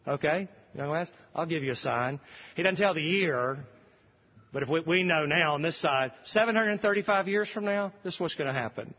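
A man's voice: fairly high pitch, big-room sound, lo-fi sound. Earnest male pastor preaching. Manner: earnest, reads scripture slowly and with emphasis. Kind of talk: sermon.

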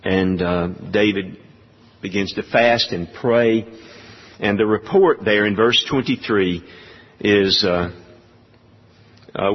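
A man preaching a sermon, speaking in a measured way with many pauses. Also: fairly low pitch, husky, big-room sound, muffled recording. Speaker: pastor.

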